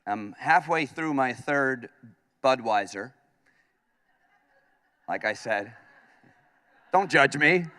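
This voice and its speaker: Speaking slowly with long pauses, this mid-range male voice belongs to an upstate New York radio host. He delivers a funny talk in a large conference hall, acting out his own lines as he spins animated stories, with long hall reverb around him.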